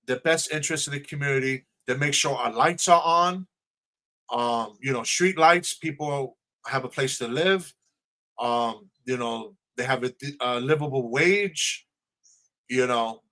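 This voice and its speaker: A man's voice: fairly high pitch, sharp tone. A man, a political candidate answering questions on a livestream video call in an earnest, emotional, repetitive way.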